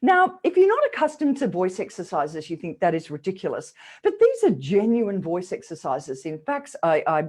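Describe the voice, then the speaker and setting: A middle-aged woman leading a vocal warm-up lesson, coaxing and demonstrative. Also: lowish voice, wildly swooping pitch, normal speed, hardly any pauses. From Australia. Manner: demonstrative, coaxing, with sung exercise syllables. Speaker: voice coach.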